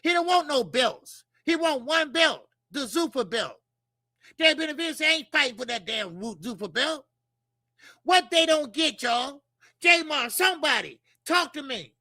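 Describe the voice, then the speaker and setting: A man's voice: very high voice, expressive, unhurried, pushed and bright, no room sound, clean studio sound. Fired-up man ranting about boxing. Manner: fired-up, profane, rhetorical, talks straight to viewers; repeats lines for emphasis. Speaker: boxing show host. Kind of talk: heated casual boxing rant.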